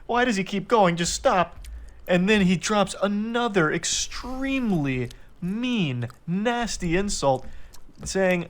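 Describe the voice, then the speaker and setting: Man, slightly higher voice, exasperated mocking commentary reading texts aloud. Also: lively intonation, takes it slowly. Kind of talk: reaction video commentary.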